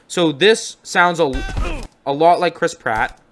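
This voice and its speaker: A man's voice: fairly high pitch, slow, a bit bright, a little hiss or hum. Chatty young man reacting on camera. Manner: rambling, upbeat, self-correcting. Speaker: video reaction host. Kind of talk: casual reaction commentary.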